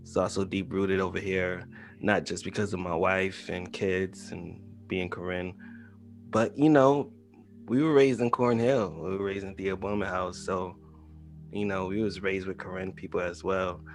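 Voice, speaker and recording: A deep-voiced man co-hosting a podcast in a relaxed, chatty tone. He talks casually and fills his pauses often. Faint music plays behind him. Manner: laid-back, chatty with many fillers. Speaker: podcast co-host.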